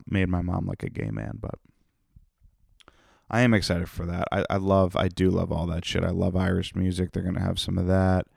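A man's voice: low voice, little pitch movement, brisk, vocal fry, a little mellow, no echo, clean studio sound. A comedian hosting his own podcast, rambling and profane in a tired, self-mocking solo monologue. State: tired, yawning.

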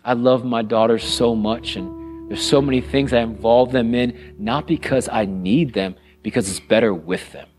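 A middle-aged man preaching a sermon as pastor, earnest and conversational, repeating phrases and dropping to a hush on solemn lines. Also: medium pitch, a little slow, soft background music. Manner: drops to a hushed voice on solemn lines.

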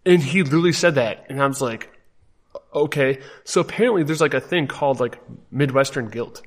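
A man's voice: medium pitch, brisk. A man from Wisconsin telling a story in casual podcast chat, acting out the people he quotes. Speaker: podcast co-host.

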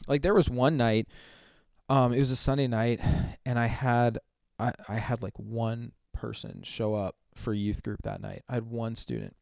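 Man, young adult, chatty and animated, lots of "like", mid pitch, crisp voice. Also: no room sound, clean studio sound. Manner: animated retelling, acting out quotes, many "like" fillers. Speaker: youth minister and podcast guest. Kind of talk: casual storytelling interview.

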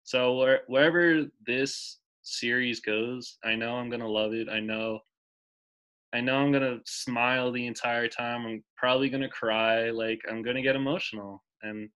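A man's voice: mid-range voice, steady tone, moderate pace, fairly bright tone, clear, resonant tone, rough recording. A man in his twenties co-hosting a casual podcast chat, enthusiastic and emotional, rambling with restarts. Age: 20s. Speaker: podcast co-host.

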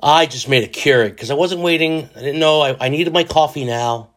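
A man's voice: a little high, a little fast, a bit bright. A middle-aged man hosting his own podcast, rambling casually with jokey, self-deprecating asides while under the weather with a cold. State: sick with a cold. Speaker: podcast host. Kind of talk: casual solo podcast monologue.

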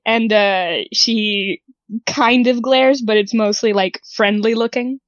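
A woman's voice: a little high, slow, no echo, lo-fi sound. A woman playing a tabletop game, hesitant with many uhs. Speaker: player. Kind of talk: casual tabletop play.

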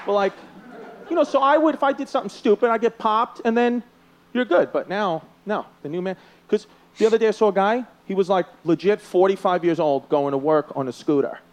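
A man's voice: sits high, brisk. A man with a New York accent doing profane, brash stand-up comedy and crowd work, laughing through his punchlines. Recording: loud live crowd and noise. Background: loud crowd laughter.

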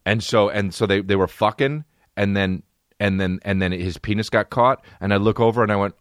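A young man hosting a podcast, telling rambling, profane stories in a casual comic way with animated bursts. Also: on the low side, brisk, no echo, studio quality. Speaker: podcast host. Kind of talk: casual comedic storytelling.

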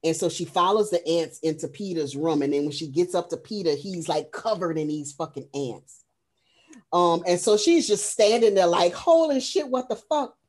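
A woman co-hosts a movie review podcast in easy, casual chat. She retells a film's plot with lively energy and plenty of profanity. Her talk is loose and rambling, packed with "um" and "like.". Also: lowish voice, moderate pace. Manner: frequent fillers like "um" and "like".

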